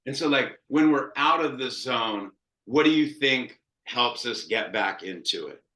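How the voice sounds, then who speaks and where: A man in his thirties coaching quarterbacks, talking in a loose, cursing, storytelling way. His voice is bright and forceful. It rings out in an echoey room. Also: mid-range voice, measured pace. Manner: profane, animated storytelling with acted quotes. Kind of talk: casual coaching talk.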